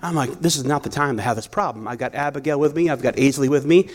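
His voice is mid-range and his pace quick as he delivers a sermon built on personal stories. He talks in a relaxed, storytelling manner, often breaking off and restarting his sentences.

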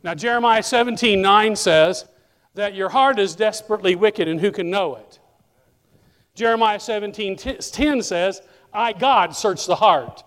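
A male pastor preaching a sermon in a church, animated and speaking directly to members of the congregation by name. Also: high voice, moderate pace, clear, resonant tone, long reverb tail.

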